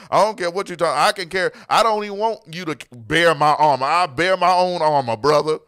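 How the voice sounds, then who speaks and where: A man who is a pastor and podcast host, talking in an emphatic preaching style, repeating phrases for stress and dropping quieter to tell a story. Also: a little high, brisk, hardly any pauses, dry recording, clean studio sound.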